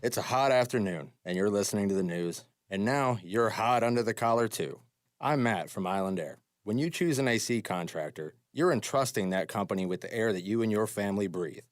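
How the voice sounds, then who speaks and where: Male owner-read spot, low pitch, dry studio. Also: lively intonation, fairly quick, dry recording, soft background music. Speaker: business owner. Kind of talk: radio ad read.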